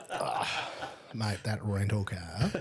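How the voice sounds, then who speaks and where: A man's voice: fairly low pitch, expressive, drawn-out words, noisy background. Laid-back Australian man telling stories. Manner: laid-back storyteller, swears casually. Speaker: podcast co-host. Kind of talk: casual chat over beers.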